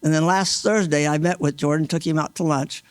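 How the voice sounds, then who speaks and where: A mail carrier in his sixties recounting a rescue at an awards event in an earnest, halting way, restarting often and acting out what people said. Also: on the high side, steady tone, no echo. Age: 60s. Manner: earnest, halting, with many restarts and re-enacted quotes. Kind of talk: emotional first-person storytelling. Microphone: stage microphone.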